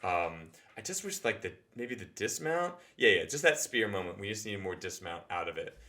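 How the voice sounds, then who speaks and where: A man hosting a show, casually breaking down a comedy set in an animated way, with quick asides and acted-out reactions. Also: sits low. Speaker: show host reviewing standup. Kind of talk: casual analytical chat.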